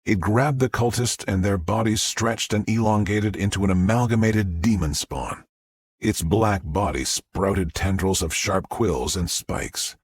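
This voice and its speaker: A man narrating an audiobook in a measured, dramatic storytelling manner. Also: sits low, husky, no room sound. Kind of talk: scripted narration.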